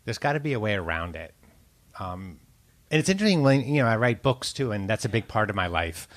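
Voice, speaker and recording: A man's voice: lowish voice, very animated, a little fast. A man, a food writer, chatting casually as an interview guest, rambling with lots of likes and ums. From United States. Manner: chatty, laughs often, many likes and ums.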